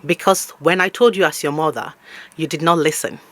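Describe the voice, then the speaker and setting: A woman's voice: deep voice, a little fast, fairly bright tone, dry recording. A woman from Africa, hosting a comedic podcast monologue in a scolding, preachy tone. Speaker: podcast host.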